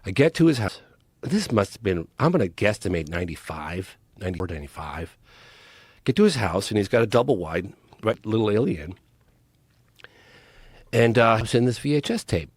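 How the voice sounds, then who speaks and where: Male podcast guest, storyteller, emphatic and animated; lively swings in pitch, dry close mic. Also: normal speed, breathy edge, no room sound. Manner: acts out quoted voices, emphatic.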